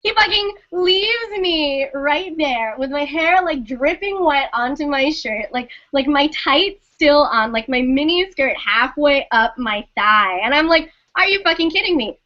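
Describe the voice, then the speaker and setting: A young woman with a high, bright and forceful voice tells a personal story in a casual, animated way. She swears freely and acts out each line of dialogue. The sound is dull and lo-fi. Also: a little slow, few pauses. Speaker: streamer telling a story.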